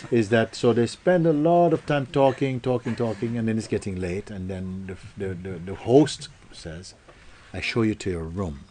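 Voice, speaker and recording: A man's voice: fairly low pitch, moderate pace, few pauses, warm tone, slight background noise. A man giving a spiritual satsang talk, telling a story playfully and acting out quoted voices, with loose spoken grammar. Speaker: spiritual teacher.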